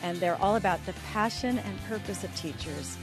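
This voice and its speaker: A woman's voice: mid-range voice, normal speed, over music. A woman hosting a podcast, introducing a guest's story and closing the show with upbeat promotional delivery. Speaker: podcast host. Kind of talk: podcast interview.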